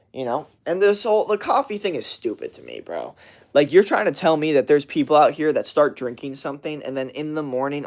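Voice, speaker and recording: A young man in college ranting casually to camera, profane and rambling, mocking people in whiny put-on voices. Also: medium pitch. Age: young adult. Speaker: vlogger.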